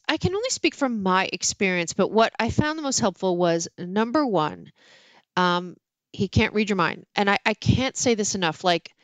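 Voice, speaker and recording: A woman's voice: mid-range voice, no echo. Middle-aged woman, candid author guest, self-mocking storyteller, mid-range voice, dry close sound. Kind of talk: casual interview chat.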